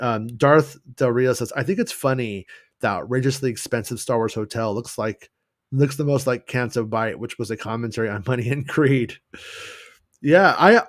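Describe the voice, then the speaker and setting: On a casual livestream, a man hosts a loose fan news show in a medium-pitched voice, recorded with clean, echo-free studio sound. He rambles, restarts often, and tosses in joking asides and put-on voices.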